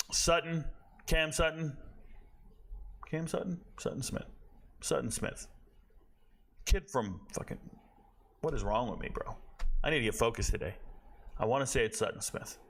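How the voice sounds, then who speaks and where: A man hosting a college football show, talking casually and bluntly, rambling and correcting himself, with a tired, low-energy delivery. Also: a bit bright. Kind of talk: casual sports commentary.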